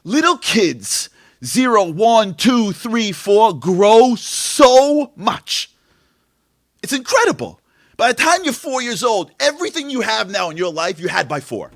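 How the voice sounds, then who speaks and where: A man delivers an impassioned inspirational talk, his voice pitched very high and leaping around with lively energy. He fires off rhetorical questions and drops from loud bursts to near hushes. The sound is close and dry, with little room around it. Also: a little slow, dry recording. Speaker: speaker at a Tisha B'Av event. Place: event venue.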